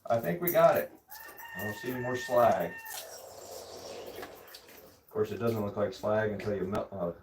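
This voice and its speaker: A man's voice: medium pitch, slight background noise. A man giving casual live commentary to his viewers from a hot workshop, chatting straight to them as he works. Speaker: livestreamer casting metal. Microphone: phone livestream.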